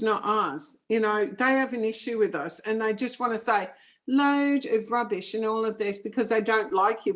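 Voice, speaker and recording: A middle-aged woman with a New Zealand accent, a psychic medium speaking frankly and firmly in a casual interview. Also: a little high. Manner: frank, firm and matter-of-fact.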